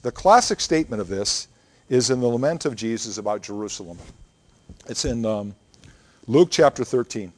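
A man's voice: medium pitch, expressive, normal speed. A man preaching a sermon, earnest and emphatic, building points through repeated phrases and reading scripture aloud. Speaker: pastor.

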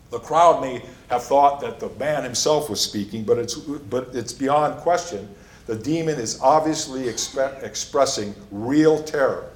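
A man preaches a sermon in an emphatic teaching voice, leaning on key phrases and repeating them. His pitch sits in a middle range, and the sound carries a noticeable room echo, as from a church sanctuary. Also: unhurried. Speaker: pastor. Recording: echoey room.

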